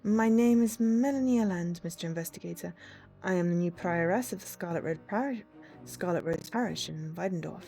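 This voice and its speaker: A woman's voice: fairly low pitch, fairly quick, gravelly, dark tone, soft background music. A woman reading a formal, composed prioress.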